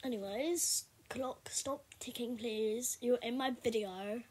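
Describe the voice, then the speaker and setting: A young woman chatting casually while she plays a game for her video, rambling and now and then bursting out loudly. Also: fairly high pitch, slow, husky. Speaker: gaming video creator. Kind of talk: casual gameplay commentary.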